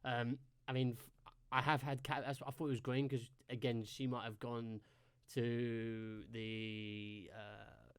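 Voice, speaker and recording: A man's voice: mid-range voice, clear, resonant tone. A man with a London accent, hosting a reaction video and thinking aloud in a loose, rambling way. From London, England. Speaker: reaction host. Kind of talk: casual reaction commentary.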